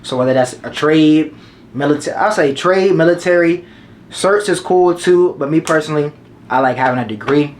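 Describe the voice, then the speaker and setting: A man's voice: fairly high pitch, normal speed, a little hiss or hum. Man, twenties, casual slangy advice vlog, repeats himself for emphasis, faint background ambience. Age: 20s. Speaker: vlogger giving advice.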